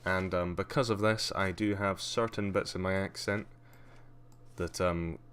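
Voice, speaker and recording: Deep-voiced Scottish man with a posh tinge. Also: fairly even intonation, unhurried, a bit bright, a little hiss or hum. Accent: Scottish with a slight posh English tinge. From Scotland. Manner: chatty, dry, self-mocking. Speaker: streamer. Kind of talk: casual livestream commentary.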